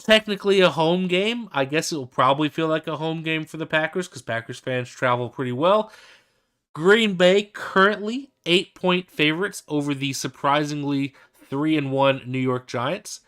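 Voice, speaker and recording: A man co-hosting a casual sports podcast, easygoing and halting, with lots of fillers and restarts. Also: fairly high pitch, fairly bright tone, clear, resonant tone. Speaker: podcast co-host.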